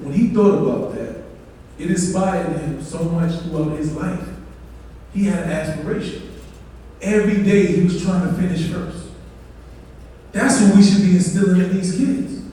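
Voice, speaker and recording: A man's voice: high-pitched, measured pace, pauses often, warm tone. Impassioned man in an echoing hall. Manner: impassioned, preachy, leads call-and-response with the crowd. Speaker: conference speaker. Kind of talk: motivational speech and spoken-word poem. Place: large conference hall. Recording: echoey hall, mic far off.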